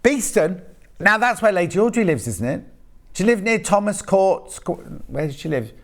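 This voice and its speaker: A man's voice: high voice, sing-song, moderate pace. A man presenting live on a shopping channel, chatting and joking in rambling asides while selling fabric in a TV studio.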